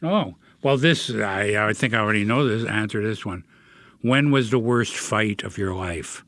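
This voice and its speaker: A man's voice: on the low side, moderate pace, a bit bright, no echo. A middle-aged man hosting a podcast, musing in a reflective, self-deprecating way during casual chat. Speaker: podcast host.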